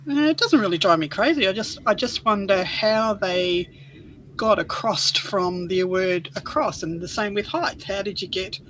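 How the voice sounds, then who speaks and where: A woman's voice: medium pitch, normal speed, fairly bright tone, a little hiss or hum, rough recording. A woman in her forties co-hosting a crafting livestream, chatting curiously with hesitant restarts. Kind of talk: casual chat while crafting.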